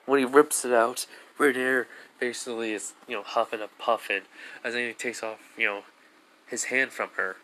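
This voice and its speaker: A man's voice: mid-range voice, steady tone, normal speed, pushed and bright, a little hiss or hum. A man casually retelling a fan story, rambling with lots of fillers.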